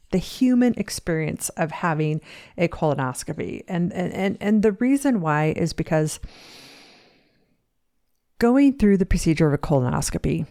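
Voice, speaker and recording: A woman's voice: lowish voice, mellow, dry recording, clean studio sound. Frank, joking woman podcast host. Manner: frank and joking, with many fillers and restarts. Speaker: podcast host and fitness coach. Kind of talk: candid personal podcast monologue. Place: seated at a home podcast desk. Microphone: studio microphone, seated.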